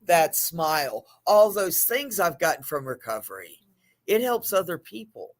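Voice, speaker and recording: A man with a high voice leads a recovery group. He talks in a lively, heartfelt way and drifts into animated storytelling, with the odd swear word along the way. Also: measured pace. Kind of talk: support group sharing.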